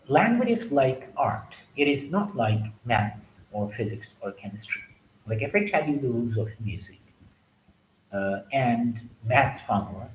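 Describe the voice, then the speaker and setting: Man, methodical exam teacher, echoey room. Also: medium pitch. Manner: methodical, lists numbered points and repeats example words. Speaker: English test teacher. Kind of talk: lecture. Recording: echoey room with faint noise.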